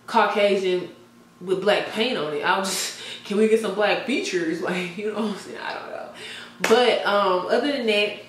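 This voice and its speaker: Woman vlogger, chatty gossip, boomy echoey room, sits back from the mic. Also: a bit bright, distant mic. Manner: chatty, laughs often, trails off with "I don't know". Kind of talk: casual gossip chat.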